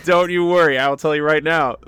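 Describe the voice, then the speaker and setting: A man's voice: a little high, steady tone, quick pace, fairly bright tone. A young man hosting a casual Christian podcast, upbeat and joking, often laughing. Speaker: podcast host.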